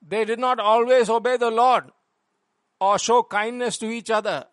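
Man, high voice, pastor preaching, measured and deliberate, dry close sound. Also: steady tone, a bit bright, no echo. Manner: measured, slows and lifts voice on scripture quotes. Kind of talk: sermon with prayer and scripture reading.

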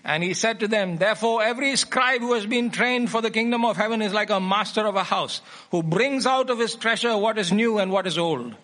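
A man preaching a sermon in a fairly high voice, reading Bible passages and then driving points home by saying them twice. His tone is bright and forceful, with an emphatic, teacherly delivery. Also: fairly quick, few pauses. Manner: emphatic, repeats key phrases.

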